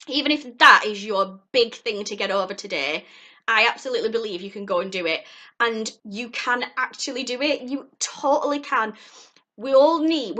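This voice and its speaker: A woman's voice: on the high side, bright, forceful tone. A young woman talking earnestly to camera in a heartfelt, rambling vlog from home. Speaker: vlogger. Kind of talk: encouraging vlog talk to camera.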